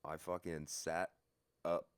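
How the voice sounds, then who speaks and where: A man telling a story from his own life in a casual, profane, lively way. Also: a bass voice, takes it slowly, clear, resonant tone.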